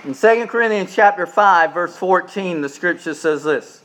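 A pastor preaching a sermon, building emphasis through repeated phrases and dropping into quiet asides to the congregation. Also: male voice, high-pitched, normal speed.

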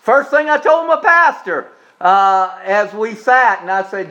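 A man delivers a homespun sermon, joking with his listeners and then leaning hard on slow, repeated points. His voice sits high for a man. The recording is dull and lo-fi. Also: animated, bright, forceful tone. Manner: folksy, joking preaching with emphatic slowed repetitions. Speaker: pastor.

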